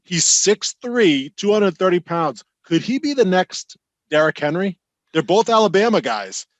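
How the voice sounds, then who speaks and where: A man's voice: sits high, very animated, unhurried, no echo. A man co-hosting a podcast, talking fantasy football in a loose, rambling way. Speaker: podcast co-host. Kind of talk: casual sports chat.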